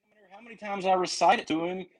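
A man's voice: high voice, very fast, poor audio. A man with a Southern accent, a podcast guest talking in an earnest, rambling way with many restarts. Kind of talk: casual podcast chat.

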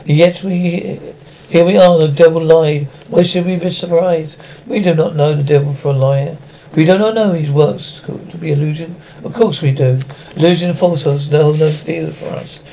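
A man's voice: a little high, fairly even intonation, normal speed, dark tone, muffled recording, natural voice. A man voicing a self-righteous archbishop delivering a pompous sermon. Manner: preaching, pompous.

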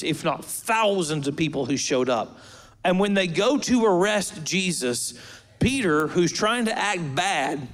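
A man preaching a sermon as pastor, in a humorous, conversational way with asides to the congregation. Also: high voice.

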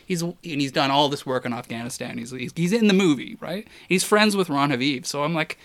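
Animated man telling an embarrassing story. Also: a little high, fairly quick. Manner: animated, self-deprecating, trails off into quiet embarrassment. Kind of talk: casual storytelling chat.

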